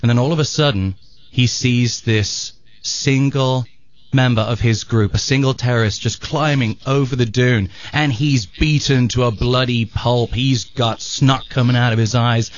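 A man on a radio show telling a joke on air, an animated storyteller who bursts into sound effects. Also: mid-range voice, a little slow. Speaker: radio show regular at the control board. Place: radio studio. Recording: dull lo-fi radio broadcast.

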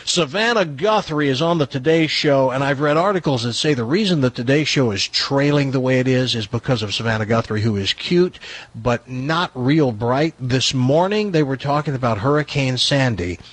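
Husky-voiced man hosting comic talk radio. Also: mid-range voice, expressive, normal speed. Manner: mocking, theatrical reading with sarcastic asides. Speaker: radio talk show host. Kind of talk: comic talk radio, reading aloud and ranting.

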